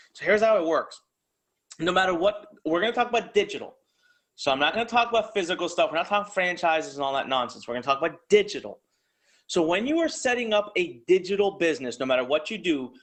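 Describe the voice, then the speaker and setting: A man's voice: on the high side, fairly bright tone. A man presenting a live online business seminar, talking straight to viewers in a hyped, salesy way while drawing on a board. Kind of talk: energetic live webinar pitch.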